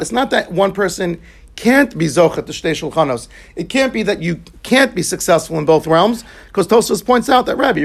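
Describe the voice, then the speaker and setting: Gravelly high-voiced man teaching Talmud. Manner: explains Aramaic text line by line in English, yeshivish terms. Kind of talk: Talmud class lecture.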